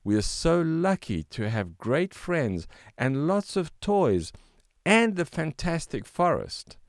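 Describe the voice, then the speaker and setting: A man's voice: on the high side, sing-song, slow, dry recording, clean studio sound, pitched above the performer's own voice, exaggerated voice. A man doing a curious, friendly young frog. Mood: delighted. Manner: curious, eager questions.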